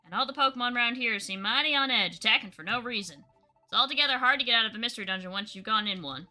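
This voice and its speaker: A woman's voice: on the high side, racing, bright, forceful tone, soft background music. A woman voicing a folksy male leaf creature guide with a Southern drawl, reading game dialogue aloud. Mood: reassuring. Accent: American Southern. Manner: drawling, homespun phrasing.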